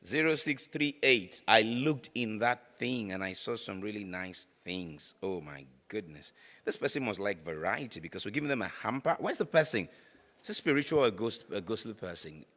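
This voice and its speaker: Nigerian male emcee, bright, teasing, singsong number calls; reverberant hall mic. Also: on the low side, lively intonation, moderate pace. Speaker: raffle draw host. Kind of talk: playful event emcee. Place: conference hall. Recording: echoey hall with long reverb.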